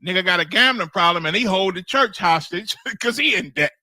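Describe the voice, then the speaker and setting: A man's voice: sits high, lively intonation, brisk, bright, forceful tone, no room sound. A man teaching a scripture class in a sermon-like way, blunt and emphatic, swearing freely and repeating phrases for emphasis. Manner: emphatic, blunt, swears freely, keeps asking "you understand?".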